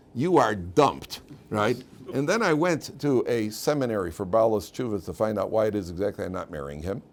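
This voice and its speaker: A man's voice: fairly low pitch, darkish tone, close to an everyday voice. A man voicing a young bride who earnestly recounts and thanks someone, in his own slightly raised voice.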